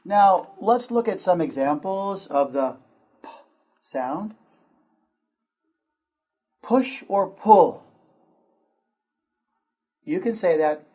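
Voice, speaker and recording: A man from the United States with an American accent, teaching an English pronunciation lesson and repeating words slowly and clearly for learners to copy. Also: sits high, lively intonation, mellow.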